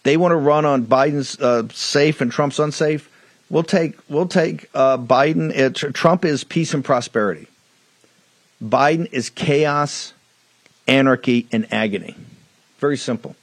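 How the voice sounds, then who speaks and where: A man's voice: fairly high pitch, normal speed, no room sound. A man hosting a political talk show, delivering an emphatic monologue with hammering repetition into a studio microphone.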